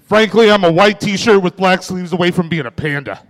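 Self-mocking stand-up comic, high voice. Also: male voice, moderate pace. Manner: deadpan, self-mocking punchlines. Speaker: stand-up comedian. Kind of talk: stand-up comedy set. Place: comedy club stage. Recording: reverberant club room.

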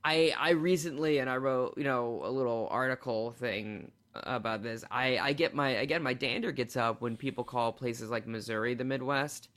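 A man's voice: medium pitch, moderate pace, hardly any pauses, a bit bright. A man from Minnesota, a guest comedian in a casual podcast chat, delivering playful, mock-indignant rants. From Minnesota, USA.

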